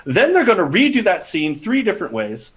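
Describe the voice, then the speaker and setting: A man's voice: high-pitched, wildly swooping pitch, a little fast. A man hosting a live-streamed improv comedy show, rambling and jokey as he sets up games.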